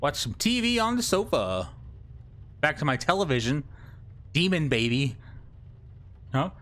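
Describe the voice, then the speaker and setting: Young man, let's play commentary, slow, very animated pitch, joking. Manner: joking, talks to the baby, bursts into laughs and yelps. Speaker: gameplay commentator.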